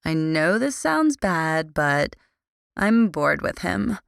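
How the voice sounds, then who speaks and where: A woman's voice: fairly low pitch, big pitch swings, takes it slowly, gravelly, smooth, dry recording, studio quality, heavily acted. A woman doing a drawling teen gossip with attitude. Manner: drawling, sing-song, confident. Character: gossipy, bossy teenage girl with attitude.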